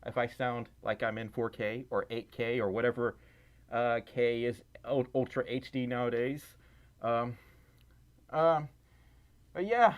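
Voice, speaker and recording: A man's voice: mid-range voice, highs cut off. A man hosting a casual livestream, rambling and self-deprecating while fiddling with his audio. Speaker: livestream host.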